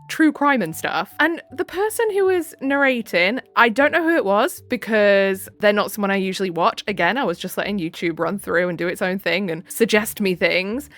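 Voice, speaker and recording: A woman's voice: medium pitch, a bit bright. A woman hosting a channel, casually reading online posts aloud and reacting with chatty exclamations and laughter.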